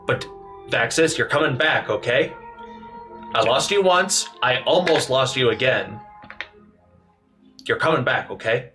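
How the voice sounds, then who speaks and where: A man's voice: mid-range voice, lively intonation, unhurried, pauses often, bright, forceful tone. A worried young woman begs in a raised, anxious voice, as a man plays her at a tabletop game. Music runs underneath. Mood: pleading. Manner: pleading, anxious.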